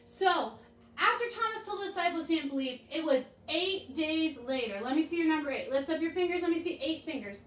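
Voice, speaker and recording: A woman leading children's chapel, telling a Bible story and slowly modeling lines for the kids to repeat. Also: very high voice. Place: room with air freshener. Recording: echoey room, mic at a distance.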